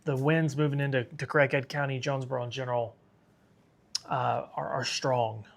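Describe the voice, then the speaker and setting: A man's voice: mid-range voice, little pitch movement, normal speed, gravelly. A man hosting a live severe weather stream, tired and sick, talking casually and reading viewer comments aloud. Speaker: weather livestream host.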